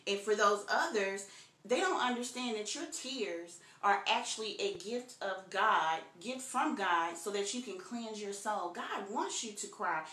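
A woman's voice: mid-range voice, a little slow, pushed and bright. Woman preaching in an echoey room. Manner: earnest, conversational preaching with repeated phrases. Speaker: Bible study teacher. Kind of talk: virtual Bible study sermon.

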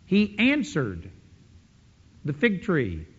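A man preaching a sermon, emphatic, breaking into quick offhand asides. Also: on the high side, wildly swooping pitch, a little hiss or hum. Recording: dull lo-fi sound with long hall reverb.

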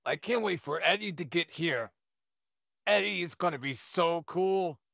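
A man's voice: a little high, measured pace, creaky, sharp tone, no echo, clean studio sound, exaggerated voice. A man voicing an overexcited, friendly young neighbor who gushes and stammers, in a listener role-play. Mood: excited. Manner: eager, gushing, stammering.

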